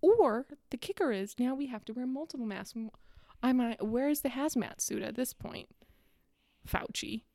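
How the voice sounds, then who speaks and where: A woman's voice: fairly high pitch, expressive, moderate pace, vocal fry, warm tone, dry recording, studio quality. A young adult woman delivering a sarcastic, exasperated casual rant about politics. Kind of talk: casual ranting monologue.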